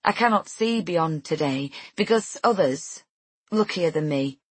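Audiobook narrator, woman, lowish husky voice, dry close sound. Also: lively intonation, a little slow, no room sound. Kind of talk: scripted first-person narration.

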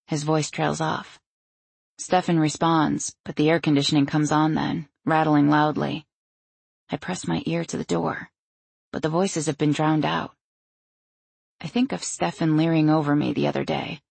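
A woman narrates a novel in the first person, wry and anxious. Her voice is gravelly and a touch husky, recorded close on a studio mic in a dry room. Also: low-pitched, level tone, normal speed, long pauses, a little mellow, no echo. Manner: wry, anxious inner monologue. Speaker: audiobook narrator.

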